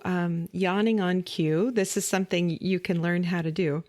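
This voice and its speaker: A woman voice teacher gently guiding listeners through a vocal warm-up, giving calm step-by-step instructions with light laughs. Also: lowish voice, normal speed, few pauses. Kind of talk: guided vocal warm-up lesson.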